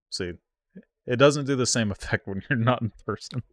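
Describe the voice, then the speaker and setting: A man streaming himself playing an online card game, reacting out loud with yelps and groans and talking to his viewers. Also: mid-range voice, normal speed, no echo, studio quality. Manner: excitable, groans and yelps at the game, talks to chat. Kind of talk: live gameplay commentary.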